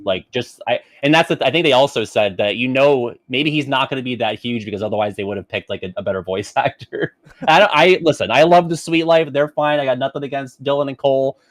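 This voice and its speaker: A man's voice: medium pitch, brisk, dry recording, studio quality. A man as a guest on a casual podcast, hedging his opinions with fillers and breaking into joking, exaggerated rants.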